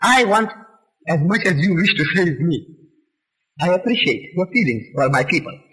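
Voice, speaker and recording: A man delivers a fervent religious lecture in a high voice that swings widely in pitch. His tone is strikingly bright and sharp. He hammers his points home with repeated rhetorical questions. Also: lively intonation, normal speed, low-quality recording. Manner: rhetorical, emphatic, many questions.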